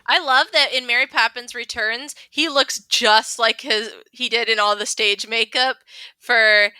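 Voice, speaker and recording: A woman guest on a podcast chats about a film with eager energy, breaking into giggles. Her voice is very bright and crisp, with a slightly high pitch. The sound is dry and close. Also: fairly even intonation, measured pace, dry recording. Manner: enthusiastic, giggly storyteller. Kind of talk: casual movie podcast chat.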